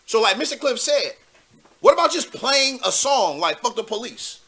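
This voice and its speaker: High bright guy hosting a live call-in, slangy and animated. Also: normal speed. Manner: animated, slangy, laughs while telling stories. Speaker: live show host. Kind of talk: casual live call-in chat.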